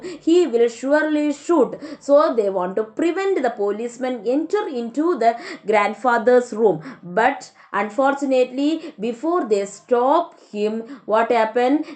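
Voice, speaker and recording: A woman's voice: on the high side, a little mellow. A woman teacher, retelling a story to her class and explaining it, often starting with "okay, so".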